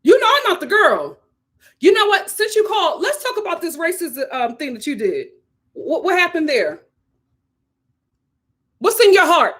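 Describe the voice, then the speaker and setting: A young adult woman, hosting a casual live-stream commentary and ranting in a sassy, animated way with laughs. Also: extremely high pitch, moderate pace, pauses often. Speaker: host.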